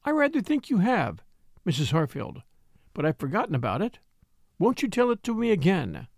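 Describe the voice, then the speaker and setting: A man reading an audiobook, voicing a calm, kind young woman with a composed, tolerant manner. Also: sits high, brisk, dry recording, studio quality, voice pushed up, heavily acted.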